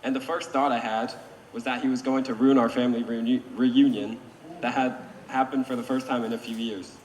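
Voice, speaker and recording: A man's voice: medium pitch, flat delivery, brisk, darkish tone. A man giving a short, earnest wedding toast as the bride's brother, with a few slight stumbles. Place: wedding reception hall. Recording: distant voice in an echoey hall, faint noise.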